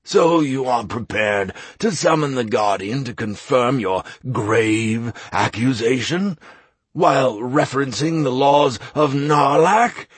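A man doing a quiet, probing masked councilman. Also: medium pitch, animated, slow, breathy edge, dry recording. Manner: quiet, pointed questioning.

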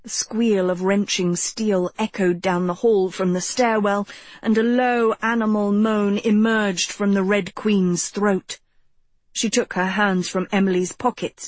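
A woman narrates a fantasy novel in a measured, expressive reading. Her voice is husky and her pace is unhurried. The recording is dry and close. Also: mid-range voice, no echo. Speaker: audiobook narrator. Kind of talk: scripted narration.

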